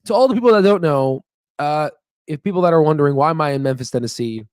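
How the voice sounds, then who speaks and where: A man's voice: fairly high pitch, lively intonation, fast talker, darkish tone, no echo. Chatty rambling man, dry close sound. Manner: chatty and rambling, with laughs and fillers. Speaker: stock market channel host. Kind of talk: casual livestream chat. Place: staying in Memphis, Tennessee. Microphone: on Wi-Fi stream.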